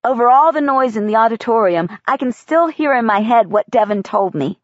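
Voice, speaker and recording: A woman reading a first-person audiobook in a measured, quiet way. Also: on the high side, lively intonation, no room sound, dull audio. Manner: measured, quiet child's-eye telling. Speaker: audiobook narrator.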